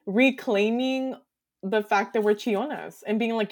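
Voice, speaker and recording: A woman's voice: on the high side, measured pace. Earnest woman podcast guest. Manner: reflective, earnest, uses many fillers. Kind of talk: casual conversational interview.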